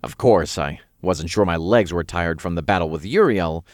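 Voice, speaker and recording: A man reading a first-person story as narrator in an even, unhurried way. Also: low voice, dry recording, clean studio sound.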